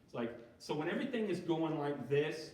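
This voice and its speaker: A man with a high, animated voice delivers a casual sermon, pitch jumping around as he keeps checking in with the room. He is heard from some distance in a very echoey church hall. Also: brisk. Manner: conversational, often checking in with the audience. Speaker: speaker at a church recovery group. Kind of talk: informal sermon talk.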